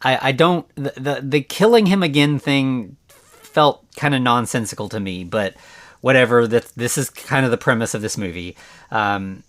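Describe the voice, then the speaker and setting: Alone on his podcast, a man rambles through a casual recap of a film, saying "like" a lot and restarting often. His voice is mid-range and a bit bright, at a moderate pace.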